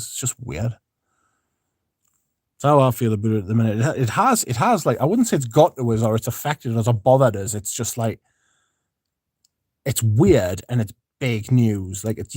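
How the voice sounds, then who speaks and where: A man's voice: mid-range voice, a little mellow, slightly rough, no room sound, studio quality. A man hosting a casual livestream, reading out viewer comments and chatting in a rambling, laid-back way with the odd swear. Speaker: livestream host.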